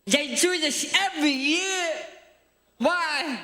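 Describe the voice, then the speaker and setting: A man's voice: extremely high pitch, takes it slowly, bright, forceful tone, echoey room, voice pushed up, full character voice. A man with a speech impediment doing an impression of a mopey, lonely male cartoon sloth. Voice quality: lisping, slurred.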